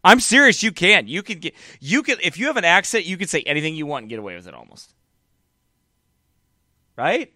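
A man commenting on a preaching clip, mocking it, animated, often laughing. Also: sits high, fairly quick, long pauses, no room sound, studio quality. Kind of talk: reaction commentary.

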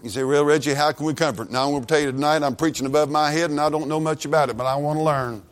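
A man's voice: on the high side, steady tone, fast, smooth. Folksy preacher man with rural drawl. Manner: folksy, rambling storytelling with repeats and restarts. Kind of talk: sermon.

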